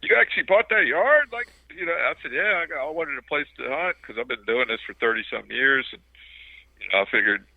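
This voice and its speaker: A man's voice: mid-range voice, fast talker, creaky, no echo. Male caller, dry tinny phone line, amused storyteller, casual chat. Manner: amused anecdotes, laughs along. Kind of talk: casual radio show chat.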